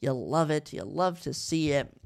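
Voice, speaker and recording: A man's voice: fairly high pitch, animated, normal speed, gravelly. Young american guy rambling on his podcast, jokey, gets hyped then mumbles. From United States. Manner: joking, rambling, swings between hyped and mumbled. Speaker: podcast host. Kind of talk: casual solo podcast chat.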